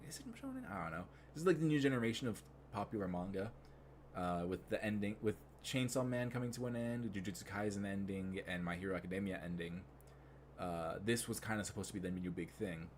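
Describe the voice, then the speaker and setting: A young man is livestreaming, chatting casually and rambling with plenty of fillers, growing more excited as he goes. His pitch is fairly low, and there's a little background noise.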